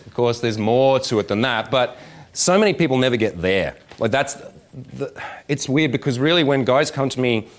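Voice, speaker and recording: Speaking fairly quickly in a medium-pitched voice against a noisy background, a man dating coach addresses roughly 160 people in an indoor event room. He swears freely, jokes around, and animatedly acts out little scenes in different voices.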